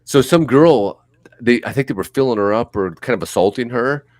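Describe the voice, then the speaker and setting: A man's voice: mid-range voice, quick pace, no room sound. A middle-aged man co-hosting a podcast, telling loose, profane, rambling stories in casual chat. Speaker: podcast co-host.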